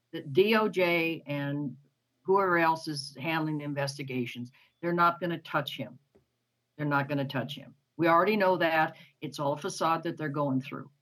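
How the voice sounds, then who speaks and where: Low-voiced, emphatic woman talking politics. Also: poor audio. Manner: emphatic, indignant. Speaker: podcast co-host. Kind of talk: casual political discussion.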